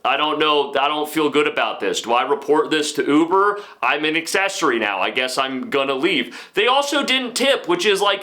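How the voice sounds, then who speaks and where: A man's voice: fairly high pitch, sharp tone. A man hosting a comedy podcast, telling a rambling story with self-aware asides. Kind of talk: comic storytelling.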